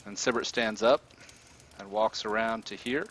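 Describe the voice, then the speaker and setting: A man running a tabletop game as game master, narrating scenes in a relaxed, descriptive way. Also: on the low side, normal speed.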